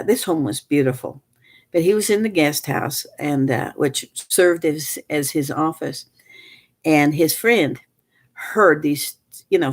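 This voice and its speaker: Older woman, lowish voice, rambling storyteller, lots of restarts, animated. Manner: rambling with frequent restarts and fillers; animated, rises sharply when reliving moments. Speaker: storyteller recounting family events. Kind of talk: casual spoken storytelling.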